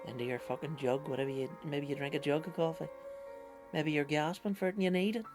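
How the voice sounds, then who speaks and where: A man, putting on a slightly raised, chatty pitchman voice with sweary patter. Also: steady tone, quick pace, over music, lightly acted. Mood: playful patter. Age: 30s. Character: cheeky swearing male pitchman, matey and rambling.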